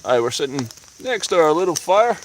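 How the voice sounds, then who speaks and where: A Scottish vlogger with a slightly high, sing-song voice chats casually on a night-time live stream under a tarp in a rainy forest. He's a bit tipsy, talks at a normal speed, and laughs easily. The rough outdoor recording picks up faint rain pattering on the tarp.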